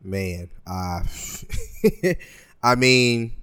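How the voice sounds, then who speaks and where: A man's voice: medium pitch, expressive, moderate pace, fairly bright tone. A man co-hosting a pop culture podcast, thinking aloud in a casual, hesitant way with frequent restarts. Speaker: podcast co-host.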